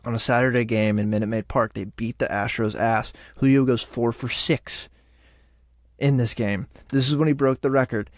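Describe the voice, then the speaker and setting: A man hosting a podcast, recapping baseball games in an animated, profane, excitable way. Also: medium pitch, no room sound, clean studio sound. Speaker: podcast host. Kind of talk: casual sports recap.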